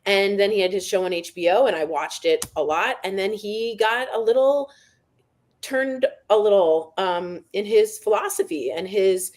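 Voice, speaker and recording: A woman's voice: medium pitch, a little mellow. A woman co-hosting a comedic news podcast, candid and sarcastic in casual chat. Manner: candid, sarcastic, quick to laugh. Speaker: podcast co-host.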